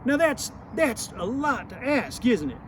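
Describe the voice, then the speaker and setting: A man's voice: very high voice, big pitch swings, a little slow. A man, telling a playful, folksy Bible lesson for children outdoors. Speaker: children's Bible teacher in character. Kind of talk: folksy kids' devotional. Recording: outdoor clip with traffic noise.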